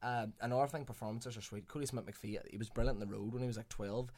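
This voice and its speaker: A man's voice: medium pitch, fairly even intonation, quick pace, darkish tone. A man chatting casually on a podcast, enthusiastic and swearing now and then. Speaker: podcast co-host reviewing films. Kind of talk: casual chat.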